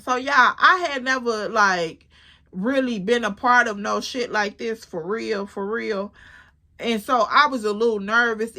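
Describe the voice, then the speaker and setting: A woman's voice: mid-range voice, pushed and bright. A young woman vlogger telling a story casually, acting out dialogue and swearing freely.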